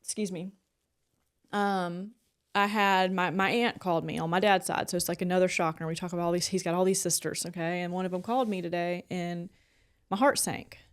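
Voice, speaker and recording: A woman's voice: on the low side, steady tone, brisk, smooth. A woman co-hosts a podcast and talks in loose, casual chat. She tells her stories in a rambling way and fills them with "like" and small restarts. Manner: rambling storyteller, heavy use of "like". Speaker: podcast co-host.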